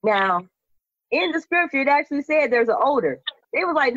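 A woman's voice: high-pitched, animated, normal speed, a bit bright, dry recording. A woman podcast host telling a Bible story casually, acting out the characters with slangy quoted voices. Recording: dull lo-fi, dry sound.

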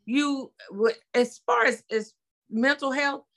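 Bright-voiced blunt middle-aged woman. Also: on the high side, takes it slowly. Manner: blunt, animated, slangy storytelling. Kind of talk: casual chat.

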